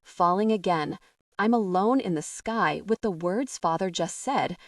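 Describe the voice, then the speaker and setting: A woman's voice: lowish voice, no room sound. Woman reading an audiobook, dry and distant. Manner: measured, expressive reading. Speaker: audiobook narrator. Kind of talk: first-person audiobook narration. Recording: dry, somewhat distant from the mic.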